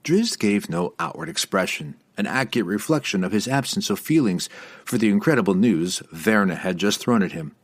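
Husky male fantasy audiobook narrator. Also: on the low side, normal speed. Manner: expressive, dramatic reading.

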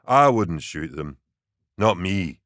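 A hulking, brutish soldier speaks with a deep growl and a slow, flat menace, as a man plays him. The voice sits very low and heavy. The recording is dry and close. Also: dry recording, exaggerated voice. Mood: menacing calm. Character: huge brutish male soldier, calm and menacing.

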